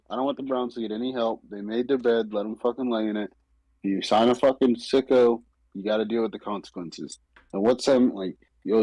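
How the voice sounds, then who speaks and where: A man's voice: fairly low pitch, dark tone, no echo, rough recording. A man co-hosting a sports podcast, talking bluntly and dismissively in casual slang. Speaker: podcast co-host.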